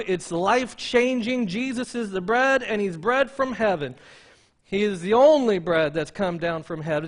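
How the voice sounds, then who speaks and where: A man preaching a sermon as pastor, emphatic and slowing down to stress quoted lines, often repeating words as he restarts. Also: high voice, fairly bright tone.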